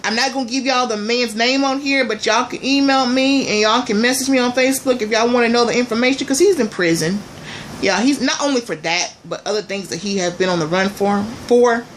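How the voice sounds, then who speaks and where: A woman vlogger telling a story to her viewers in a lively, repetitive way, often talking straight to them. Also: on the high side, brisk, slight background noise. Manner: animated, talks straight to viewers, repeats herself. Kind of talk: storytime monologue.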